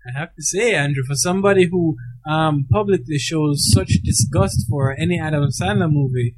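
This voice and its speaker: A man's voice: on the high side, moderate pace. A man co-hosting a casual film podcast, playful and teasing, with frequent ums. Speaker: podcast co-host.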